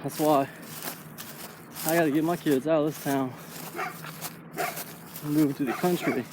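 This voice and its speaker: A man's voice: fairly high pitch, fairly even intonation, moderate pace. A man in his late thirties talking casually while walking outdoors, rambling and saying "man" a lot. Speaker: vlogger. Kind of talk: casual walking vlog monologue. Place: outdoors on a neighborhood street. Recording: noisy outdoor street recording.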